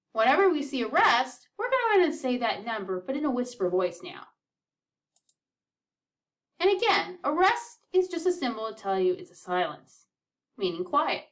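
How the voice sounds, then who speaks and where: A woman's voice: a little high, a bit bright, far from the mic. A woman teaching a children's music lesson, counting beats aloud in an upbeat, encouraging way.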